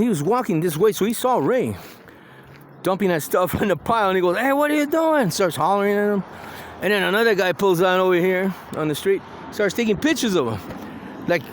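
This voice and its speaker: A man's voice: on the high side, a little hiss or hum. Rambling man telling stories outdoors. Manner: rambling storytelling, acts out quoted voices. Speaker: vlogger. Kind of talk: casual outdoor walking vlog. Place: outdoors on a hillside street.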